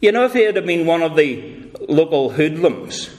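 A man preaching a sermon slowly and deliberately, repeating key phrases for emphasis and now and then slipping into playful character voices for illustrations. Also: on the high side, lively intonation, a little mellow.

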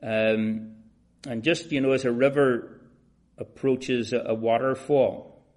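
A man preaching a sermon, shifting from soft, measured talk to loud, drawn-out emphasis and addressing listeners as beloved and friends. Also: medium pitch, fairly even intonation.

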